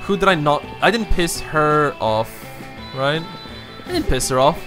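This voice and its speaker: A man's voice: on the high side, animated, measured pace, over music. A young man hosting a casual game playthrough, reading game text aloud and laughing often. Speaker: let's play host. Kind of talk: casual gameplay commentary.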